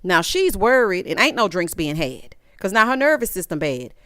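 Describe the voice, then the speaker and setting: Sassy woman dishing on reality tv, smooth clear voice, dry close sound. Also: on the low side, very animated, normal speed, a bit bright, no echo. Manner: sassy, exasperated, quotes people in voices. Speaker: reality TV recap host. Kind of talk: casual commentary recap.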